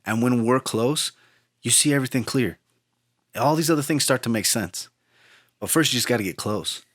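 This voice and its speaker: In a storytelling conversation, a male musician guest speaks at normal speed in a mid-range voice, recounting something personal with earnest reflection that turns animated at times. The recording is dry and of studio quality.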